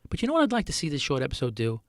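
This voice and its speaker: A man's voice: mid-range voice, wildly swooping pitch, rapid-fire, no room sound, studio quality. A middle-aged man, a chef hosting his own podcast, talking earnestly in a solo monologue full of rhetorical questions.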